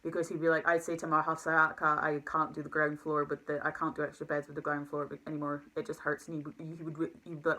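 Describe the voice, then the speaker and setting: Young woman vlogger, low bright voice, rushed confessional rambling. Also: level tone, low-quality recording. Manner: rambling, emotional, full of fillers and restarts. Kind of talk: casual confessional talk to camera.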